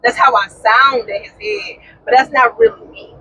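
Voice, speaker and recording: A young woman chatting casually as a podcast co-host, expressive and playfully defensive. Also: high voice, normal speed. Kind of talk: casual chat. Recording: distant, dull, noisy sound.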